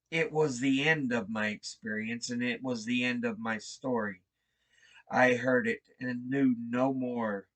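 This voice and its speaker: Slow, brooding male storyteller. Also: mid-range voice, fairly bright tone. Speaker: reader. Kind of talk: dramatic horror story narration.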